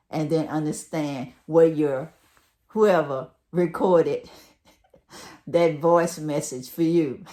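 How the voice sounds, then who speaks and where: A woman's voice: deep voice, darkish tone. A middle-aged woman from the United States with a Southern accent, chatting casually to her viewers in a folksy way as she gives advice. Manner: chatty, folksy, talks straight to viewers as "y'all". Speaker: vlogger giving relocation advice.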